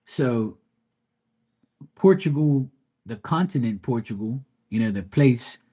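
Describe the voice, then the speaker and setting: A chatty man with a Bermudian accent, talking loosely on a live stream. His speech is animated and full of slang, and he tells stories in a relaxed, conversational way. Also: mid-range voice, slow, breathy edge. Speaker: live tarot reader. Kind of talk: casual live-stream chat.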